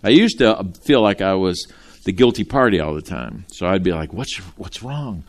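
Animated preaching man, lively pitch. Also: moderate pace. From Ohio. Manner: animated, talks straight to the congregation with folksy asides. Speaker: pastor. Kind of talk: sermon.

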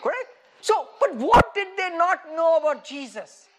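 A man preaching a sermon in an animated way, often laughing and asking his listeners rhetorical questions. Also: very high-pitched, normal speed, a little hiss or hum.

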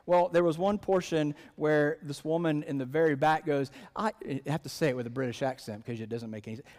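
Pastor preaching in a reverberant hall. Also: male voice, on the high side, fast, few pauses, a little mellow. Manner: conversational, joking asides. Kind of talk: sermon.

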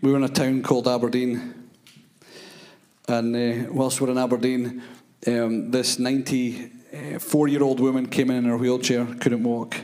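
A man preaching in a church service, telling animated, rambling stories with many fillers. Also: medium pitch, normal speed. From Scotland. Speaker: guest preacher. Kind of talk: sermon storytelling.

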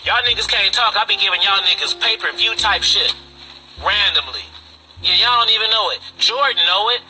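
Over a noisy background, a male podcast host talks at a moderate pace in a high voice during an informal live-stream monologue. His delivery swaggers with bragging and is laced with profane street slang.

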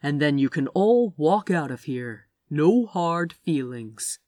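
A woman's voice: low voice, animated, slow, dark tone, no room sound. Slick, salesman-like male villain, as a woman reader puts him on for a storybook reading; persuasive and falsely friendly, dry close sound. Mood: smooth.

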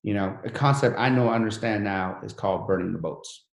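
A man's voice: lowish voice, fairly quick, gravelly, echoey room. A man who came to the country as a refugee, telling his life story in an interview in an earnest, motivational way. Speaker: guest.

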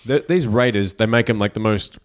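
A man's voice: on the low side, brisk. A man co-hosting a podcast, chiming in with joking asides about a movie. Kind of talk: casual movie chat.

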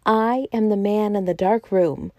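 Woman voicing enormous riddling man, smooth mocking tone, mellow, dry close sound. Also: mid-range voice, measured pace, no echo, natural voice. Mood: grand. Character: huge, genial, riddling old male president.

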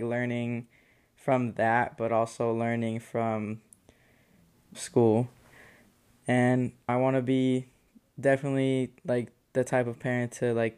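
A man in his twenties, a podcast co-host talking casually and relaxed, hedging with "like" and "you know". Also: medium pitch, clean tone. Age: 20s. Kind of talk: casual chat.

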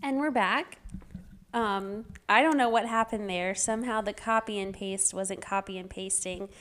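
A woman's voice: medium pitch, moderate pace, a bit bright. Chatty woman podcast co-host. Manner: chatty, fills speech with "like", laughs often. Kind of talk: casual chat.

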